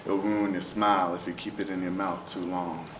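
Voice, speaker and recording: A man performing spoken word poetry in a rhythmic, chanting delivery that swings between loud calls and near whispers. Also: low voice, moderate pace. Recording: roomy echo, distant mic, steady ambient noise.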